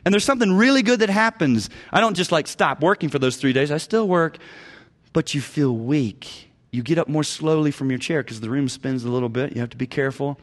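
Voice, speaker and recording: A man teaching biblical counseling as a preacher, emphatic, swinging between loud urging and hushed low phrases and repeating key words. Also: fairly quick.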